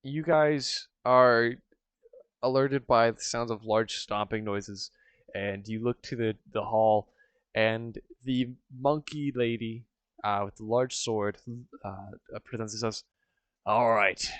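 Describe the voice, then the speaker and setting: Smooth-voiced man narrating a tabletop game. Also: medium pitch, steady tone, slow, no echo. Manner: casual, rambling, many fillers. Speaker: game master.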